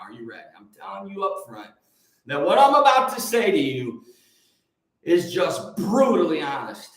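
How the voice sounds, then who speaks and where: A man's voice: high-pitched, a bit bright. Emphatic man in an echoey room. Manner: emphatic, preachy, reads out viewer comments. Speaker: host of a morning livestream. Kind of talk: casual live-stream chat with viewers.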